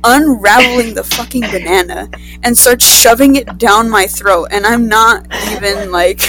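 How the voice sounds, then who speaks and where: A teenage girl telling a story in casual chat, rambling and swearing, with quick asides. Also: medium pitch, over music, rough recording. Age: teens.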